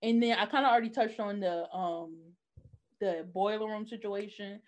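A woman relates a TV episode in easygoing conversation, her pitch medium and her pace moderate. She tells it animatedly, taking on a different voice for each quoted line.

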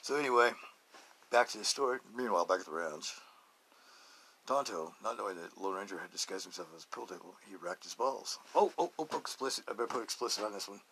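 Fast and animated, a man with a fairly low voice and sharp tone hosts his own podcast against slight background noise. He rambles through a casual, joking monologue, laughing often and wandering between anecdotes and life advice.

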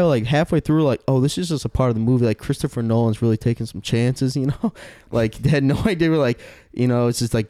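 A man's voice: mid-range voice, mellow, dry recording, clean studio sound. A young man telling a story in casual podcast chat, rambling with lots of fillers and swearing. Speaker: podcast host.

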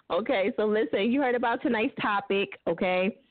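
A woman's voice: medium pitch, normal speed, no echo, phone-quality sound. A woman hosting a call-in radio show, chatting loosely, laughing often and swearing freely. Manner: loose, laughing, profane banter. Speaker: radio host. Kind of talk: casual call-in radio talk.

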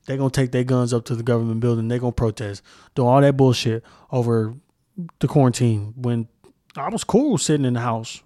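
A man's voice: mid-range voice, fairly quick, mellow, no echo, clean studio sound. A man hosting a solo podcast, ranting heatedly and with heavy profanity, often restarting sentences as he searches for words. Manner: heated, profane, repeats himself. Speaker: podcast host.

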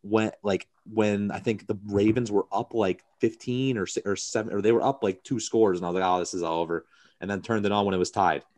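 A man's voice: fairly low pitch, steady tone, fairly quick, darkish tone. A man co-hosting a podcast, bantering loosely and rambling with jokes among friends. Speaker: podcast co-host.

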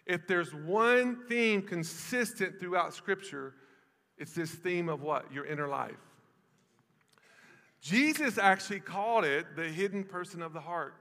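Man, Tennessee accent, pastor, folksy sermon, high bright voice, reverberant hall. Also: measured pace. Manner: folksy, repeats lines for emphasis.

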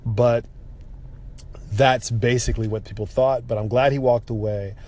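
A man giving a casual, animated spoken recap of a TV episode, exasperated and swearing freely. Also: mid-range voice, normal speed.

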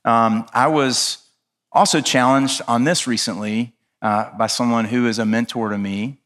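A man's voice: mid-range voice, steady tone, a little slow, a bit bright. Brief: male pastor, earnest and impassioned sermon delivery, chatty asides, mid-range voice. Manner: conversational asides with fillers.

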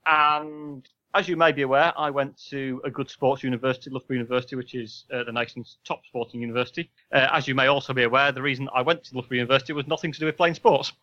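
A young man co-hosting a casual podcast, wry and deadpan, rambling through stories. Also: medium pitch, fast, no echo, lo-fi sound. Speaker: podcast co-host. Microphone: home mic with pop filter on a video call.

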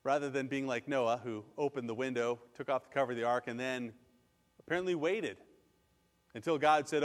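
A man's voice: mid-range voice, fairly quick. A man preaching a sermon, earnest and conversational, acting out prayers and everyday reactions. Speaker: pastor. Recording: long hall reverb.

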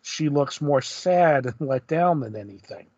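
A man co-hosting a casual comic book podcast, speaking in a thoughtful, measured way. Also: on the high side, animated, a little mellow, breathy edge, no echo. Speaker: podcast co-host. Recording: dull lo-fi sound.

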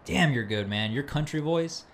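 A man's voice: on the high side, lively intonation, normal speed, a little hiss or hum. A young man hosting a casual chat, talking with enthusiasm and lots of slang. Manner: enthusiastic, slangy, full of "bro" and "dude". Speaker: host.

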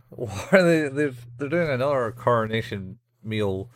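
A man co-hosting a podcast in casual banter, dropping quick joking interjections and wry quips. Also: mid-range voice, expressive, no echo, studio quality. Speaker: podcast co-host.

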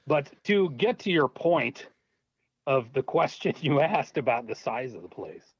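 A low-budget filmmaker appears as an interview guest, laughing and animated as he tells a casual story and acts out its voices. His medium-pitched voice is a little slow with a breathy edge. The lo-fi audio is dull and dry, with no room sound.

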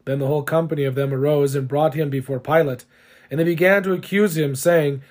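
A man giving a steady, solemn liturgical scripture reading. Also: on the high side, brisk. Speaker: scripture reader.

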